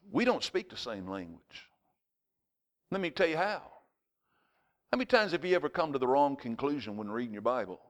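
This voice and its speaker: A man, preaching a sermon as pastor of his congregation, mixing scripture with personal stories and acted-out shouts. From United States. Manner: storytelling preacher, jumps to high shouted voices in anecdotes.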